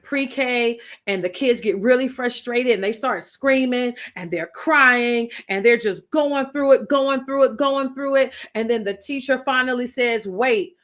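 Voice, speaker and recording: Emphatic, preacherly woman with a higher voice. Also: fairly bright tone. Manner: emphatic, repetitive, preacherly storytelling. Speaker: faith-based writing coach. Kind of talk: motivational faith talk.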